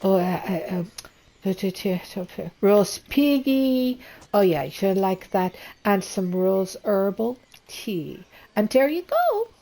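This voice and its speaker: A woman's voice: mid-range voice, sing-song, slow pace, warm tone, rough recording. A woman doing a homey, talkative elf cook. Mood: cozy. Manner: chatty, listing food offhandedly. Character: female wood elf, homey and hospitable cook. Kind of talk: tabletop-style online game role-play.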